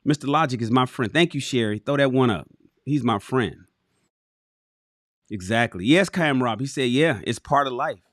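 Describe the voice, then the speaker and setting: Animated man reading on a livestream. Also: mid-range voice, normal speed, pauses often, no echo, clean studio sound. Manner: animated, preachy storyteller, riffs on his reading. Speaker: livestream host reading a book. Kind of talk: reading a book aloud with livestream commentary.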